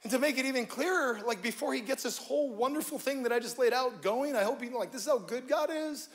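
A male pastor preaching to a live congregation, joking and shifting between loud bursts and hushed moments. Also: extremely high pitch, fast talker. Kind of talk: sermon. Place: church stage before a live congregation.

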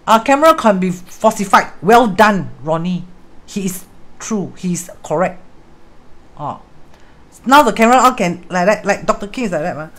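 A woman with a Singaporean English accent hosts a casual livestream, chatting straight to her viewers. She talks loosely and lightly, with Hokkien and Mandarin words dropped into her English, and her voice sits at a middle pitch. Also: expressive, moderate pace, fairly bright tone. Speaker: host, fortune-telling teacher.

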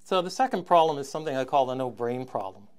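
This Canadian lecturer, heard in a recorded university class, speaks at medium pitch with expressive delivery. His talk is halting, full of ums and repeated throat clearing, and peppered with dry, sardonic remarks.

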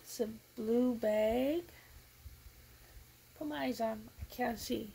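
A woman's voice: fairly high pitch, takes it slowly, creaky, mellow, a little hiss or hum, rough recording. A woman vlogging as she opens a gift, talking emotionally and gushing, often tearful and laughing. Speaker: crafting vlogger. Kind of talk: unboxing vlog.

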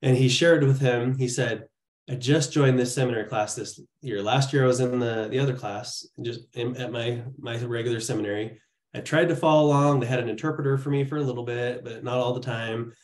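A man's voice: mid-range voice, fairly even intonation, brisk, a little mellow, roomy sound. A man giving an earnest, casual training talk, telling stories with frequent restarts. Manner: earnest, storytelling, many restarts. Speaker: church training presenter.

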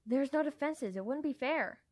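A woman's voice: high voice, lively intonation, normal speed, no room sound, clean studio sound, voice pushed up. A woman voicing a worried young male dragon. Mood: anxious. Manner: anxious, pleading. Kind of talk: amateur audiobook character voice.

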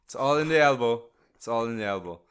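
A man's voice: mid-range voice, lively intonation, fast talker, a bit bright, smooth. A man hosting a podcast in casual chat, agreeable and joking, often chuckling. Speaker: podcast host.

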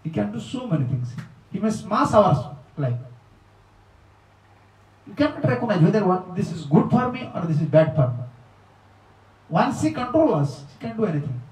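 Monk, male, high voice, animated storyteller sermon; distant mic, echoey hall. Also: normal speed, long pauses. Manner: animated storyteller in non-native English, voicing the characters. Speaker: monk giving a spiritual talk.

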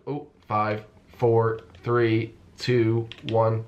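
A young man giving excited, playful commentary on a Minecraft game, repeating phrases and calling the viewers folks. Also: on the low side, brisk, highs cut off, slight background noise. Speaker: gaming YouTuber.

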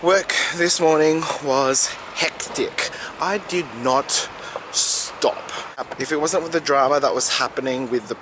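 A young man, chatting in a casual vlog in an excitable, gushing way. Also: on the high side, slow. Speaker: vlogger. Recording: noisy background.

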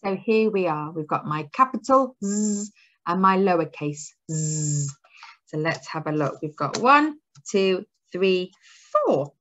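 Slow, sing-song woman teaching phonics. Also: on the low side, very animated, fairly bright tone. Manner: slow, sing-song, encouraging teacher talk with drawn-out words. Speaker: early years teacher. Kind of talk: phonics lesson for young children.

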